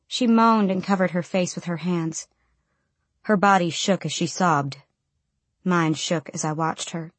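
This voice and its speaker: A woman narrating an audiobook in the first person, quiet and subdued. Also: fairly low pitch, a little slow, no room sound.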